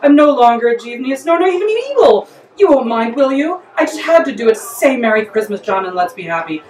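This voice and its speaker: A woman's voice: fairly high pitch, lively intonation, a little fast, a little mellow, echoey room, far from the mic, natural voice. A woman voicing a theatrical, lovestruck villain mastermind, pleading and gushing to his beloved at a live story reading.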